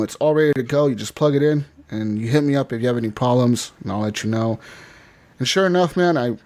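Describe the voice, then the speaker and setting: A man's voice: a little high, darkish tone. A man hosting a podcast, telling a long rambling story in casual chat, swearing freely. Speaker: podcast host. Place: podcast studio.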